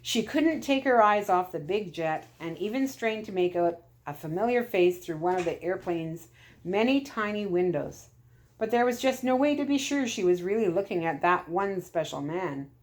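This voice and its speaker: A woman storyteller reading chapters of a storybook aloud in a calm, steady way. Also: lowish voice, moderate pace.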